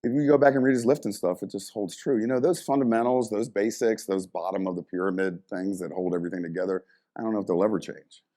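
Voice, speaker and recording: A man's voice: fairly low pitch, quick pace. A middle-aged man, a former strength coach, telling stories in a casual interview and acting out the people in them. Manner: animated storyteller, acts out quoted voices.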